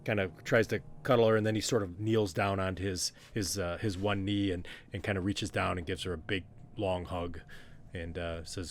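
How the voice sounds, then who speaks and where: Low-voiced man narrating a tabletop game. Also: fairly even intonation, a little fast, slight background noise. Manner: loose, rambling, filler-heavy narration. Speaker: game master.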